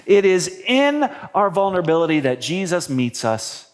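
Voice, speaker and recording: A man preaching a sermon as pastor in a church, talking in an animated, conversational way with wry humorous asides. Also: high voice, normal speed.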